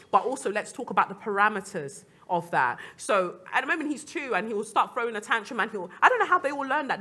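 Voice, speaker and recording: A woman's voice: mid-range voice, bright, forceful tone. A young adult woman, a guest speaker on a panel, talking earnestly and reflectively, with laughs between her points. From Nigerian descent. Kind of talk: panel talk.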